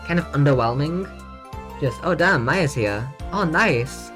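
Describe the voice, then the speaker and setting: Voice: medium pitch, animated, unhurried, a bit bright, soft background music. A streamer commenting playfully and chattily on a courtroom game, reading lines aloud and joking along the way. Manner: playful, chatty, laughs at own jokes.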